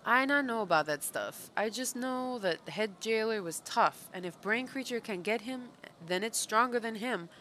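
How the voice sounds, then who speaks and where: A woman's voice: a little high, expressive, moderate pace, few pauses, bright, forceful tone, slight background noise, voice pushed up. A woman voicing a cowed male lackey from a fantasy game, a former pit king who talks in broken, verbless sentences. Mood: gruff. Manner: broken grammar, dropped verbs.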